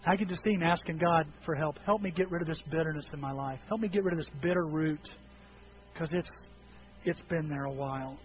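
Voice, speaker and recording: Male pastor, animated sermon delivery, voice sits a bit high, muffled church recording. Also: brisk, a little hiss or hum. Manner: animated, acts out quoted voices with sudden high yelps.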